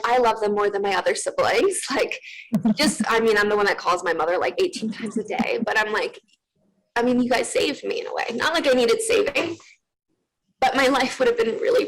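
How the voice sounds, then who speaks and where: A woman's voice: on the high side, gravelly, poor audio. A young woman from Russia, a guest in an interview, telling a heartfelt personal story in a candid way full of fillers. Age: young adult.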